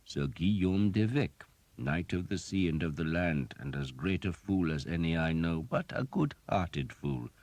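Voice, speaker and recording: A man voicing a sardonic old male physician with a slow, dry, ironic delivery. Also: low-pitched, expressive, a little mellow, no echo. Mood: wry.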